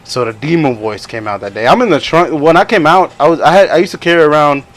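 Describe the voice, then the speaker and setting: A man's voice: fairly high pitch, quick pace. A young man co-hosting a podcast, telling stories in a rambling way, laughing often and acting out what people said. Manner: rambling, laughing, acts out quotes in other voices. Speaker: podcast co-host. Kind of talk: casual storytelling chat.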